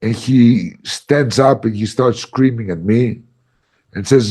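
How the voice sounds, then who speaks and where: Mellow-voiced man telling a story. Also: mid-range voice, takes it slowly, husky. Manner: animated storyteller, loud and emphatic at peaks, many "like" fillers. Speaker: ayahuasca workshop facilitator. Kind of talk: storytelling in a casual podcast chat.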